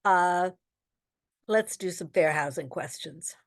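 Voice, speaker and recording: Slow-talking woman teaching an exam webinar. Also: lowish voice. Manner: explains test questions slowly, with frequent ums. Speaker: real estate exam instructor. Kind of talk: online webinar lesson.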